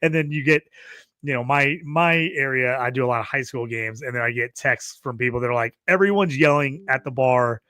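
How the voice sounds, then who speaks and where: A man's voice: mid-range voice, brisk, no room sound, studio quality. A man co-hosting a casual sports podcast, talking loosely and acting out quotes while he rants. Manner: animated, rants with acted-out quotes. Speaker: podcast co-host.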